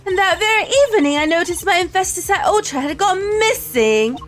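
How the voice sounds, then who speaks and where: A woman voicing a sly posh British gentleman in a game, with a deliberately bad exaggerated British accent. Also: very high voice, expressive, soft background music, pitched above the performer's own voice. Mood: smug. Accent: put-on British.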